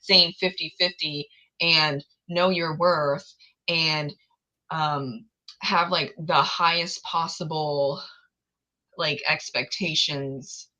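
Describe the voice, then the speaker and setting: Heldere, nadrukkelijke vrouw, lage stem. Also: female voice, low voice, steady tone, slow, bright, forceful tone, muffled recording. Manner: frank and emphatic, laughs often. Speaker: livestream host. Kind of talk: casual chat.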